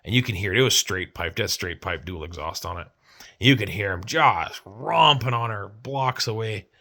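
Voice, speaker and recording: A man's voice: on the low side, animated, normal speed, creaky, bright, forceful tone. A man from Canada telling a rambling, profane story in a casual vlog, acting out the people he quotes. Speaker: vlogger.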